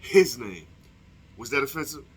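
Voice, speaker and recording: Here a young male vlogger uses a husky, medium-pitched voice at a moderate pace. Addressing his viewers casually on camera, he rants with profanity and heat, throwing out one rhetorical question after another.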